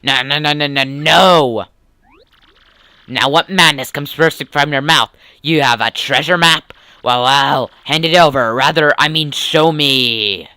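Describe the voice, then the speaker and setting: A man's voice: on the high side, unhurried, bright, forceful tone, smooth, dry recording. A man voicing a vain, greedy merchant sailor in a grandiose, theatrical accent while reading a game's dialogue aloud. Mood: pompous. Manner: grandiose, theatrical "pirate" voice he says strains his throat. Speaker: let's play gamer reading dialogue aloud.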